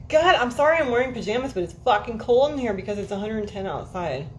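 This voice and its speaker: Fast-talking and fairly high-pitched with lively intonation, a woman hosts a livestream indoors at home in an air-conditioned room. She rambles casually to viewers, swearing freely and often laughing at herself, and there's slight hiss or hum.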